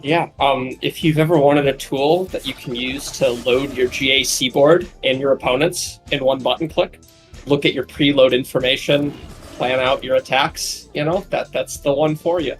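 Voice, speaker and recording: Laid-back male voice-chat guest, mid pitch, faint music under. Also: normal speed. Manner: relaxed, hesitant with fillers. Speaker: guest tool developer. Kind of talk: casual voice-chat talk.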